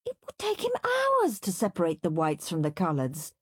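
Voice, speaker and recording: A woman reading a children's story aloud, lively and animated. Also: fairly low pitch, moderate pace, breathy edge, no room sound. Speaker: narrator.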